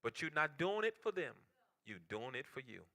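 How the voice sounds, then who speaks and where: A male pastor preaching a sermon with impassioned delivery, swinging between loud outcries and hushed near-whispers. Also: on the high side, very animated, moderate pace. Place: church.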